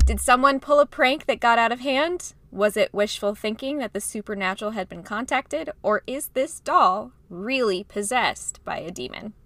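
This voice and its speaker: A woman podcast co-host chatting casually over a video call, giggly and quick to apologize. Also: on the high side, lively intonation, bright, forceful tone, dry recording. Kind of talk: casual chat. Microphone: podcast mic over video call.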